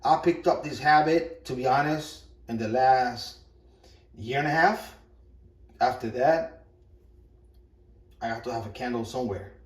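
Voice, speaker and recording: A middle-aged vlogger cooks in his kitchen while telling a rambling, profane story in a casual way, repeating himself as he goes. His mid-range voice is unhurried and broken by long pauses. The room is echoey and the mic is far off.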